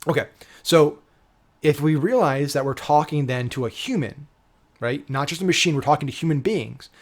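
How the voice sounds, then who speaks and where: At a moderate pace and a little high in pitch, this man coaches on digital marketing in an informal, emphatic style. He swears casually and regularly checks in with "right?"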